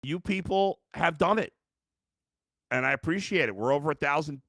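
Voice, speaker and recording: Here a man hosts a live-streamed sports reaction show, reading fan comments aloud in an exasperated, blunt way with occasional cursing. His fairly high, fairly bright voice carries vocal fry and moves at a moderate pace, in clean studio sound without echo.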